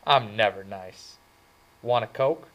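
A man's voice: on the low side, slow, a bit bright, poor audio. Man playing a cocky young hood, sly, taunting, insolent, storybook.

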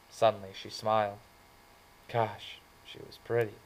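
A man's voice: on the low side, flat delivery, normal speed, poor audio. A man reading a novel aloud in the first person, in an earnest, plain storytelling manner. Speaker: audiobook reader.

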